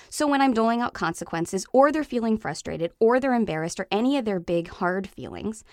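A woman in her thirties hosting a parenting podcast, explaining advice to parents in an earnest, steady way. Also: medium pitch, quick pace, hardly any pauses, no echo, clean studio sound.

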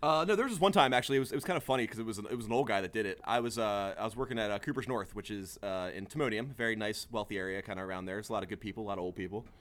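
A man's voice: fairly low pitch, very fast, few pauses, a little hiss or hum. A man who works as a bartender, telling stories in a casual podcast chat, swearing freely and acting out the people he quotes. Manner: animated storyteller, acts out quotes, swears freely. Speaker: bartender guest.

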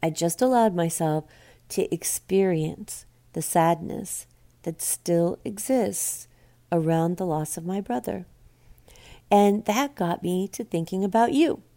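Earnest woman host, mellow low voice. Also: slow. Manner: earnest, conversational, asks listeners questions. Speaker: podcast host speaking to cancer survivors. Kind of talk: reflective solo talk to listeners.

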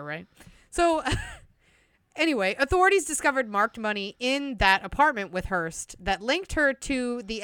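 Young woman telling a true crime story, casual asides, smooth voice, dry close sound. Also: mid-range voice, a bit bright, dry recording. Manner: reads notes with chatty asides and frequent laughter. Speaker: podcast co-host.

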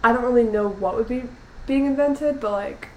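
A woman's voice: on the high side, normal speed, dark tone, echoey room, low-quality recording. A young woman co-hosting a podcast, chatting casually with playful, giggly banter and free swearing. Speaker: podcast co-host. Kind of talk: casual chat.

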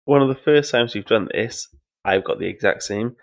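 A man's voice: lowish voice, moderate pace, dry recording. A man co-hosting a podcast in casual, jokey chat, laughing often and swearing freely. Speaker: podcast co-host.

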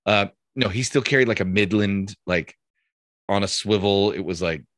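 Man, police officer, casual storytelling, laid-back, laughs a lot, low voice, dry mic. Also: normal speed, a bit bright, no echo. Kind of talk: casual podcast chat, storytelling.

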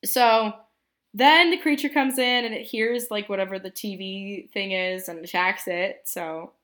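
A woman's voice: mid-range voice, steady tone, a little slow, a bit bright. A young adult woman hosting a casual movie podcast, chatty and rambling, laughing often. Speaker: podcast host.

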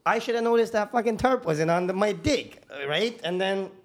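A young man with a slightly high-pitched voice tells a work story as a podcast guest. He talks casually and animatedly, swearing freely and often restarting his sentences. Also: moderate pace. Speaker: podcast guest, construction worker.

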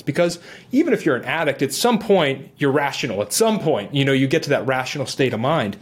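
A middle-aged man earnestly telling his own recovery story in a talk, animated and acting out his inner voice. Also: fairly high pitch, fairly quick, slightly rough. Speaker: guest sharing recovery story. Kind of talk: earnest personal testimony.

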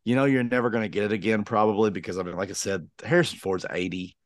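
A man's voice: on the low side, fairly even intonation, fast talker, no echo, clean studio sound. A man in his forties co-hosting a podcast in casual chat, rambling with many fillers and restarts. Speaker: podcast co-host.

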